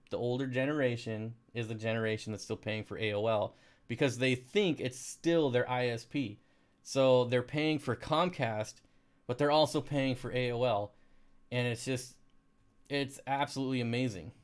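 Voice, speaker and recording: A man hosting a live stream, chatting casually and rambling through anecdotes with frequent restarts. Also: medium pitch. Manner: rambling storyteller, many restarts and laughs. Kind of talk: casual chat.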